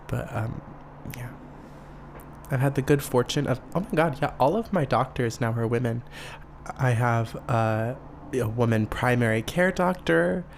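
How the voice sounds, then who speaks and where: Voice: medium pitch, a little hiss or hum. Campy, chatty podcast host. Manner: chatty, playful and campy, swears freely. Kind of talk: casual solo podcast chat.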